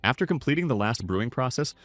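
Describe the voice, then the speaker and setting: A man's voice: medium pitch, big pitch swings, fast, fairly bright tone, no room sound, soft background music. A man narrating a scripted story recap.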